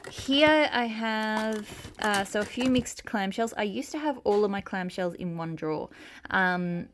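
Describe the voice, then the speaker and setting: A woman from Australia with an Australian accent, chatting casually as she tours her wax melt collection at home, rambling with many ums and restarts. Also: fairly low pitch. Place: home with noises around. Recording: noisy home recording.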